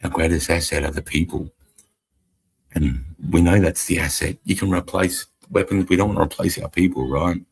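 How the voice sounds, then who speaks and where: A man's voice: sits low, fairly even intonation, normal speed, creaky. A middle-aged Australian man, an army veteran, talking bluntly and profanely in rambling casual chat on a live stream. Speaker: army veteran podcast co-host.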